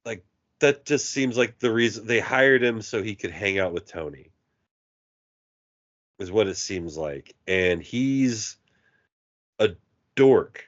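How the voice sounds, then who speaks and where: A man's voice: fairly low pitch, slow pace, long pauses, muffled recording. A man co-hosting a podcast, telling a story in casual chat and acting out the people he quotes. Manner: animated, acts out quoted voices. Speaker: podcast co-host.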